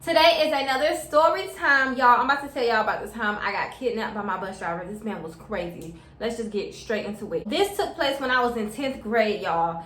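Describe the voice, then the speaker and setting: A woman's voice: a little high, a little fast, hardly any pauses, fairly bright tone. A young adult woman telling a story to her viewers in a casual, slangy way, often calling them y'all. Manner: chatty, slangy, keeps addressing viewers as y'all. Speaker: vlogger. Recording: echoey room.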